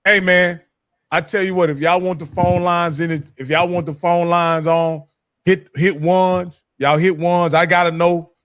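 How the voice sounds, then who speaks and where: A man's voice: sits high, level tone, moderate pace, a bit bright, clear, resonant tone, no room sound, studio quality. A man hosting a casual college football talk stream, laid-back and friendly, calling people "man.". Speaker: show host.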